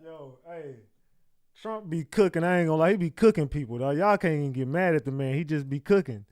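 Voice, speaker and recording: A man's voice: a little high, fairly quick, a little mellow, faint music behind. A man hosting a live news stream, talking casually in slang and repeatedly hyping up his chat. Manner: hypes the chat, slangy and repetitive. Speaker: livestream news host.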